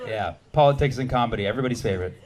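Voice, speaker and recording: A man in his thirties from the United States doing a stand-up set, animated and punchy, with shouted bits and quick asides to the crowd. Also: medium pitch, very noisy. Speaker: stand-up comedian.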